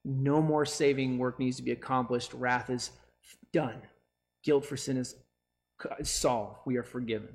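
A man preaching a sermon in an earnest, emphatic way, with deliberate pauses and repetition. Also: medium pitch, steady tone, slight background noise. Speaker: pastor.

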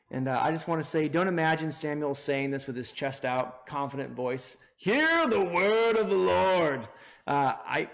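A middle-aged man preaching a sermon earnestly, swinging between emphatic and hushed delivery. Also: fairly high pitch. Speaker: pastor.

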